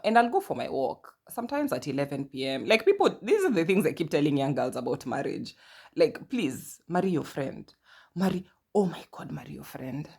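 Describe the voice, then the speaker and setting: Kenyan woman in her 30s, low voice, rambling chatty podcast talk full of little stories. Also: brisk, husky. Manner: chatty, animated storytelling with asides and quoted dialogue. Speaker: podcast host. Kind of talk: casual personal monologue.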